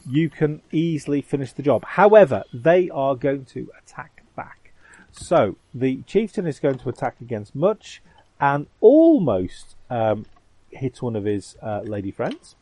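A man's voice: mid-range voice, big pitch swings, warm tone, no echo, low-quality recording. A man running a tabletop game as game master, hesitant and full of ums as he describes the combat. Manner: halting, full of ums and uhs.

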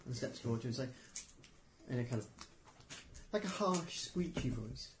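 A man's voice: medium pitch, lively intonation, moderate pace, roomy sound, noisy background. A man narrating playfully as game master of a tabletop game.

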